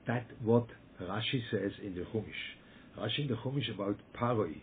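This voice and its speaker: A man with a fairly low voice teaches a Torah lesson as a rabbi, pressing each point hard and repeating himself. He keeps checking in with his listeners as he answers their questions. He comes through a thin, phone-like line with a faint hiss behind him. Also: normal speed. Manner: emphatic, repeats words, checks in with "yeah?" and "okay?".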